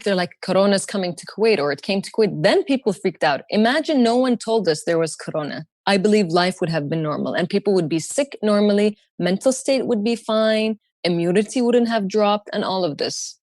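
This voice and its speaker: Woman, 30s, mid-range voice, dry close sound, lively podcast guest storyteller who mimics others. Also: fairly quick, hardly any pauses, no room sound. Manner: animated, acts out quoted voices in a higher pitch. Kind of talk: personal storytelling.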